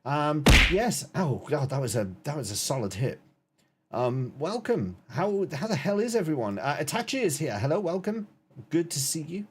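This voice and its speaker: A man's voice: mid-range voice, noisy background. Chatty, jokey male game streamer. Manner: chatty, jokey, greets viewers and reacts to chat. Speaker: gaming streamer. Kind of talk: casual live-stream chat.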